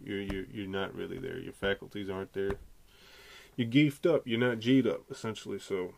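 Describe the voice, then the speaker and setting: A man hosting a podcast, delivering an animated, profane, slangy casual rant. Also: low-pitched, normal speed, vocal fry, no echo. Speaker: podcast host.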